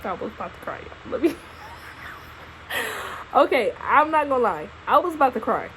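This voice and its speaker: A young woman, a new mother casually telling her birth story to camera in an expressive, profane way. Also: high voice, a little slow, slight background noise, low-quality recording. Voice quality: expressive, profane, animated retelling. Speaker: vlogger, new mom. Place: at home holding her baby.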